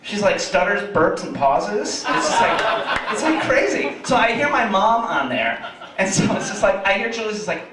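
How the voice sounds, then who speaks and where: An animated young male comic tells stories on a club stage. His voice is high and swings widely. It is heard from a distance in a boomy room with the audience laughing. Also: moderate pace, heavy reverb, a loud crowd. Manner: animated, storytelling. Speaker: stand-up comic. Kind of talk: stand-up comedy set. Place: comedy club in front of a live audience.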